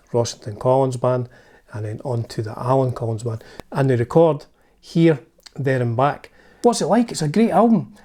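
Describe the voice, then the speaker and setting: Scottish male host, mid-pitched, warm low tone, enthusiastic fan narrating music history casually. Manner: chatty, enthusiastic fan talk with asides.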